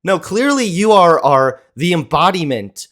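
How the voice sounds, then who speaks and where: A man reacting to clips with biting sarcasm, mocking and incredulous. His pitch is fairly high and jumps around with lively emphasis. His talk is quick and full of jabs. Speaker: commentator.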